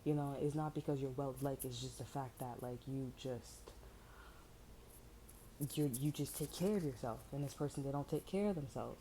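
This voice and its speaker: A woman's voice: extremely low pitch, normal speed, warm tone, slight background noise, poor audio. A woman tarot reader in slangy, rambling casual chat, amused and full of fillers. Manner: amused, breaks into laughter.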